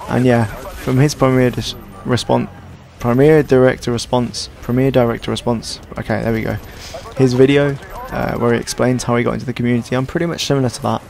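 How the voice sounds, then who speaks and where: A young man with a sore, hoarse throat, giving casual, rambling gameplay commentary in a tired, self-deprecating way. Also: mid-range voice, steady tone, a little fast, few pauses, darkish tone. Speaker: gaming commentator.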